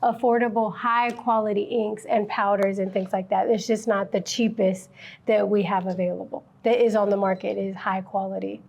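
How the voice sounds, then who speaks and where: A woman's voice: medium pitch, flat delivery, normal speed, creaky, a little mellow. A woman who co-owns a printing supply business, chiming in agreeably during a casual promotional chat in their shop. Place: their small shop location. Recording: slightly dull lo-fi sound.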